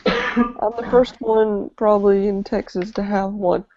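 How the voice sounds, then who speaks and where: A man in a casual chat among friends, giving short, slow, cagey replies. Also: sits high, level tone, darkish tone. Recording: dull lo-fi recording with faint noise.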